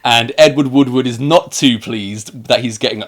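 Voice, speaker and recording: A man's voice: mid-range voice, normal speed. A man co-hosting a casual film review, chatty and joking, acting out scenes with quoted lines. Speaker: podcast co-host.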